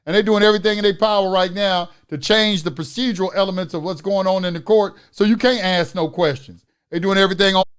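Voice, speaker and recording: Man, high-pitched voice, profane preachy lecturer, loud rants then mutters. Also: fast, clear, resonant tone. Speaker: instructor of an online class. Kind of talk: live online lecture.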